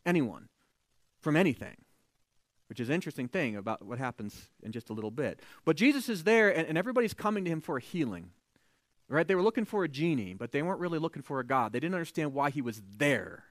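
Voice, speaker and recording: A man preaching a sermon, retelling a scripture story in a lively, conversational way and acting out the characters' voices. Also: fairly high pitch, fast, no room sound.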